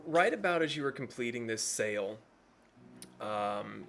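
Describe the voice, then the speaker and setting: A man's voice: mid-range voice, animated, a little slow, gravelly, fairly bright tone, a little hiss or hum. A man running a tabletop game as dungeon master, narrating in a loose, chatty way.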